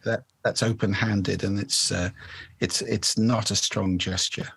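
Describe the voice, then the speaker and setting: A man's voice: lowish voice, little pitch movement, a little slow, vocal fry, fairly bright tone, husky. A male speaking coach being interviewed on a podcast, explaining things in a demonstrative way and shifting his resonance to show how it changes the voice.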